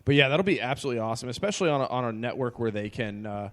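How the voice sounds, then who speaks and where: A man's voice: mid-range voice, lively intonation, racing, fairly bright tone. A man chatting casually on a podcast, his talk rambling and full of ums and uhs. He sounds keen and upbeat about the topic, in a mid-range everyday voice. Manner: rambling, filler-heavy, enthusiastic. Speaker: podcast co-host. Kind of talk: casual chat.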